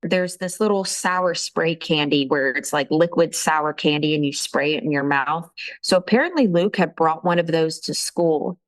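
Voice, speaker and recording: A woman's voice: sits low, low-quality recording. Candid woman recounting her story. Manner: candid, halting, with frequent fillers. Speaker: interviewee telling her story. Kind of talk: emotional personal recounting.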